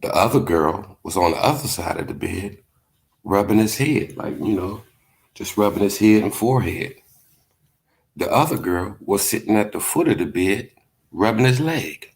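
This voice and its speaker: A man's voice: fairly low pitch, lively intonation, moderate pace, vocal fry. A man hosting a livestream, chatting casually, telling stories and reading comments, laid-back and profane with lots of filler words. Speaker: livestream host.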